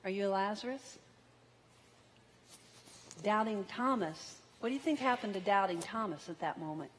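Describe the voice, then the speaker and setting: A woman preaching a sermon, slow and deliberate, drawing out key words for emphasis. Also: medium pitch, a little hiss or hum. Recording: long hall reverb.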